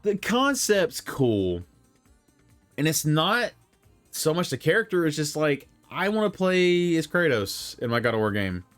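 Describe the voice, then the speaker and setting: A man's voice: fairly high pitch, big pitch swings, unhurried, fairly bright tone, faint music behind. A young man rambling through casual opinions on video games, full of fillers and self-corrections. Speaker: gaming commentator.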